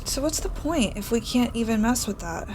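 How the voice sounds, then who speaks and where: A woman's voice: fairly high pitch, expressive, moderate pace, background noise. A woman casually commenting on a horror game she is playing, chatty and sarcastic, sometimes dropping to a whisper. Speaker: gaming streamer. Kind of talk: casual let's-play commentary.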